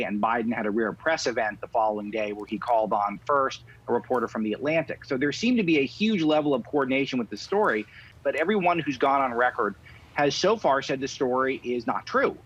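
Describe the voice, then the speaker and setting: Man, political commentator, husky, explanatory, dull lo-fi sound. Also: mid-range voice, fairly bright tone. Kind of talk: TV news commentary.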